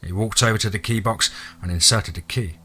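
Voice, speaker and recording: A man reads a horror story with steady, dramatic narration. His low voice has a forceful, bright ring. Faint music plays behind him. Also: brisk. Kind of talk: scripted audiobook narration.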